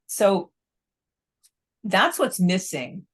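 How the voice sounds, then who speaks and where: A middle-aged woman, a psychotherapist being interviewed, explaining in a measured way and often checking in with "right?". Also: medium pitch, sing-song, fairly bright tone, husky. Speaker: psychotherapist guest.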